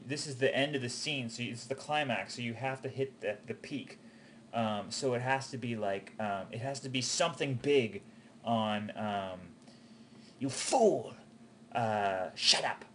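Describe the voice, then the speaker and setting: Over slight background noise, a man speaks at normal speed in a mid-range voice. His talk is casual, encouraging critique for an animation student, full of ums and restarts.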